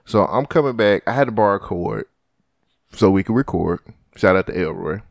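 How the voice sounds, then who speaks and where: A man's voice: fairly low pitch, a little fast, vocal fry, dry recording, studio quality. A man hosting a podcast, telling a story in casual, profane chat with lots of restarts. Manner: profane, animated, restarts often. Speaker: podcast host.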